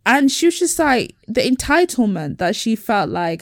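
A podcast co-host with a fairly high, very animated voice tells stories at a moderate pace on a casual chat show, acting out the people she quotes. The recording is studio quality with no echo.

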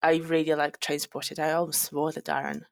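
Low-voiced eager woman on a podcast. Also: little pitch movement, brisk, noisy background. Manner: enthusiastic, repeats words. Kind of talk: casual chat.

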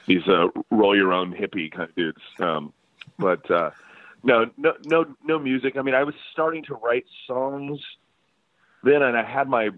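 A man's voice: mid-range voice, expressive, a little slow, no echo. A man telling stories as a guest musician in a casual interview, rambling and laughing with many restarts. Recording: dry phone-line sound.

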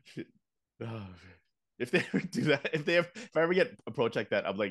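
A podcast co-host tells animated stories in casual conversation, laughing frequently. His voice sits at a medium pitch, his pace is normal, and he leaves long pauses.

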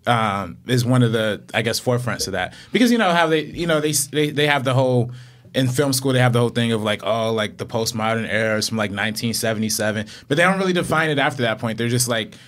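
A man's voice: mid-range voice, fast, a bit bright. A laid-back man in casual film talk on a podcast, often hedging with "you know".

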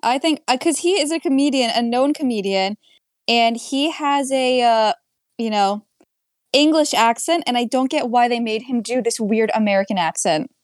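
A woman's voice: a little high, moderate pace, no echo, clean studio sound. Blunt, sarcastic young woman. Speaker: podcast co-host. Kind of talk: casual movie review chat.

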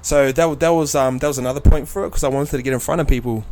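A New Zealand man, a guest on a podcast, chats casually, swearing and acting out stories with animated retellings. He talks fast at a medium pitch, with soft music in the background.

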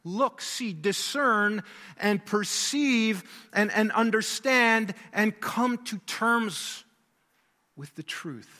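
A man with a high, bright and forceful voice delivers a sermon. He presses his points by repeating key words and asking rhetorical questions, and long reverb from a large hall trails each phrase. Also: extremely slow. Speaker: preacher.

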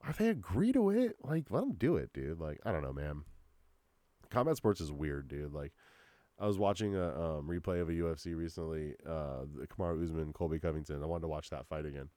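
A man's voice: very deep voice, brisk, a little mellow, no echo, studio quality. A young man hosting a solo podcast, ranting casually with heavy profanity and constant "dude" and "like.". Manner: profane, slangy rambling with lots of "dude" and "like". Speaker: podcast host.

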